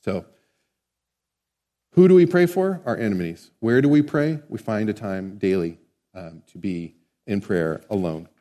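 A man's voice: lowish voice, lively intonation, a little slow, long pauses, mellow. A man preaching a sermon in a conversational way, often asking the congregation questions. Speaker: pastor. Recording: long hall reverb.

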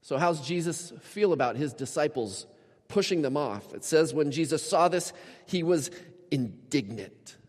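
A man preaching a sermon as a pastor, storytelling with animated shifts and acting out the people he quotes. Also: a little high, measured pace. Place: church. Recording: church hall with long reverb.

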